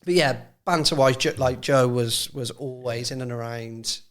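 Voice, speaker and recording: A former football physio from England chats casually on a podcast in a mid-range voice at normal speed. He tells stories about players and laughs at his own anecdotes.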